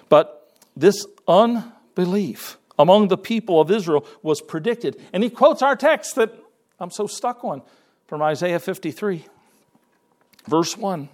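A man preaching a sermon in a folksy way, repeating his words and quoting scripture in King James wording. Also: sits high. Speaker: pastor.

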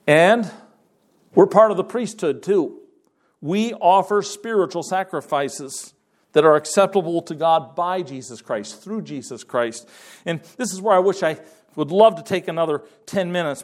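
A man's voice: sits high, moderate pace. A man preaching a conversational sermon to his congregation in church, with frequent restarts and fillers. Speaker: pastor.

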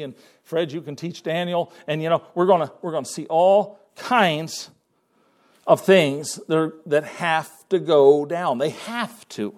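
A man preaching a sermon in a folksy way, repeating his words and quoting scripture in King James wording. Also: fairly high pitch. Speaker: pastor.

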